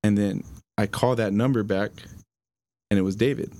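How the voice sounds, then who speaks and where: A young man telling a personal story on a podcast in a halting, casual way, with lots of fillers and some swearing. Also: on the low side, fairly even intonation, dark tone. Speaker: podcast guest.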